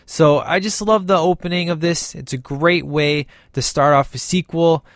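A man's voice: on the high side, steady tone, normal speed, no room sound, studio quality. A man talking casually and enthusiastically about a movie sequel, rambling with frequent restarts. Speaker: movie reviewer.

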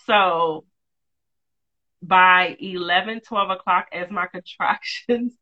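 Bright-voiced woman telling candid stories. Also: fairly low pitch, dull audio. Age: adult, mother of two. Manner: candid and lively, quick asides and laughs. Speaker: guest telling a personal story. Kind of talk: casual storytelling.

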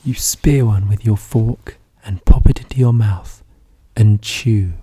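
Husky man in whispered role-play. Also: lowish voice, a little slow, mellow.

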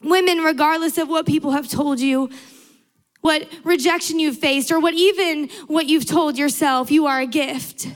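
A woman's voice: high voice, steady tone, moderate pace. A young adult woman preaching a sermon to a large church, earnest and emphatic, building through repetition.

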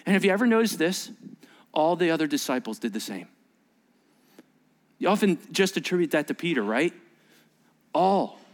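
A male pastor delivers a sermon in a fairly high voice. He preaches in a lively, conversational way, jumping up in pitch to act out the voices he quotes. He often turns to the congregation with questions. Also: normal speed, pauses often. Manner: animated, acts out quoted voices with sudden rises.

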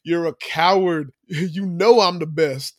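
A woman voicing a defiant, proud male violinist, delivering his lines slowly and pointedly. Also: on the low side, no echo, studio quality.

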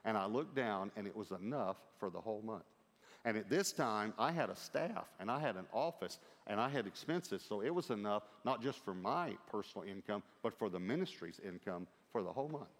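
A middle-aged man preaching a sermon, telling a lively story with quoted dialogue and humor. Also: lowish voice, brisk. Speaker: pastor. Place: large church auditorium. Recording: long hall reverb.

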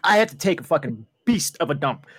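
A man casually telling a crude story in a rambling, profane, animated way as a podcast co-host. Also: a little high, fast, slightly rough, no room sound.

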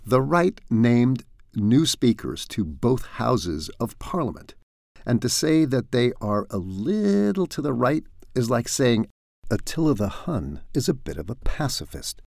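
A man's voice: mid-range voice, very animated, a little slow, gravelly, a little mellow, no room sound. A man delivering satirical news commentary in a dry, sardonic way, full of wry asides. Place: home in France.

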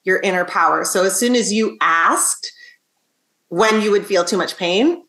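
A woman podcast host explaining ideas to her guest in a calm, teacherly way. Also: mid-range voice, unhurried. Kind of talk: interview conversation. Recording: roomy echo.

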